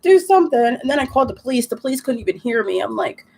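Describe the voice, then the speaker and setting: Young woman, high-pitched, chatty ranting live streamer. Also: sing-song, fast talker, gravelly, warm tone, a little hiss or hum. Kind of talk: casual chat while crafting.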